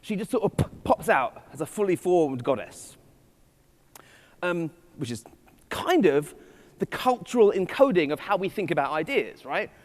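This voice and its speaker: A man's voice: high-pitched, big pitch swings, moderate pace. Witty man giving a keynote. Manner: witty, digressive, self-deprecating. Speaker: conference speaker. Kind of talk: keynote talk. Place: conference hall. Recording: hall reverb from stage.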